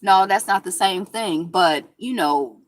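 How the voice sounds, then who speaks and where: A woman's voice: medium pitch, measured pace. Lady host reading headlines n riffing, chatty and sarcastic. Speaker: show host. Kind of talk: casual news commentary.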